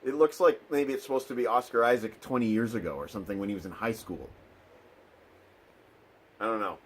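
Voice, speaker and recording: A man's voice: on the low side, a little fast, breathy edge. A man hosting a casual toy unboxing video, talking with dry, sarcastic remarks and lots of ums and uhs.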